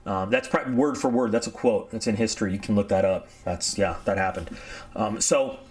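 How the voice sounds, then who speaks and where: A man's voice: fairly low pitch, normal speed. A man telling a history story in a loose, conversational way, wandering off on tangents and then pulling himself back. He restarts sentences often and brings the tale to life by acting out what people said. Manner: rambling, digressive, self-correcting; animated storyteller acting out quotes. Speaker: history channel host. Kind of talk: casual spoken history talk.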